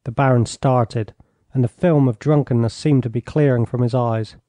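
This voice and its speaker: Male audiobook narrator, even and measured, close dry studio sound. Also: mid-range voice, no room sound. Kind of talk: scripted narration.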